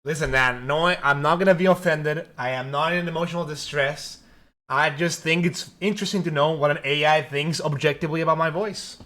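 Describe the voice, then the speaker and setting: Streamer dude joking around, pushy, kinda high bright voice. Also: male voice, steady tone, a little fast. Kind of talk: casual chat.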